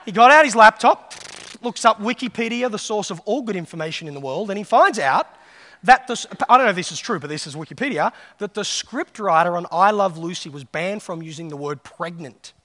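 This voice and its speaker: A man's voice: high-pitched, lively intonation, fairly quick, a bit bright. A man giving a conference keynote, telling stories and acting out the voices of people he quotes. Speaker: keynote speaker. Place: large hall on stage. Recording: reverberant hall.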